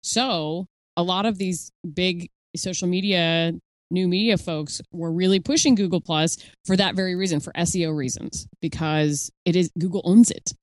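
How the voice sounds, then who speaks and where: Female podcast co-host, lowish voice, chatty and rambling, dry sound. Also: normal speed, dry recording. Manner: chatty, laughing, rambling with fillers. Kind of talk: casual chat.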